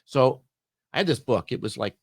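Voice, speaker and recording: A man's voice: mid-range voice, moderate pace, creaky, slightly rough, dry recording, clean studio sound. A middle-aged man on a podcast, telling a work story in casual chat and acting out both sides of the dialogue. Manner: animated storyteller, acts out dialogue. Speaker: podcast guest.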